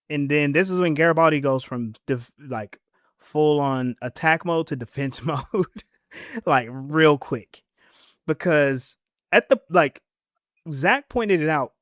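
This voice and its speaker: A man co-hosting a casual podcast, recapping a TV episode with lively paraphrased character quotes. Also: a little high, dry recording, clean studio sound. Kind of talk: casual chat.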